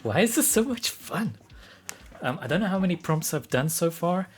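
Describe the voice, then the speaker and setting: A man streaming live as an artist, thinking aloud in casual commentary, getting excited and laughing often. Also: fairly high pitch, normal speed, soft background music.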